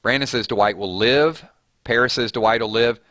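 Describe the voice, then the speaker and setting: Man, live-stream host, casual chat, reads viewer comments, animated, middle pitch, dry close sound. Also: normal speed, no echo. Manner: animated, voice jumps up on names and questions.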